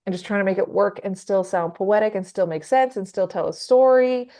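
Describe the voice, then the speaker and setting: A woman singer in a casual interview, talking fast and loose, laughing often and acting out what other people said. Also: medium pitch, mellow. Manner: chatty, laughs often, acts out quoted people. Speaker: metal singer being interviewed.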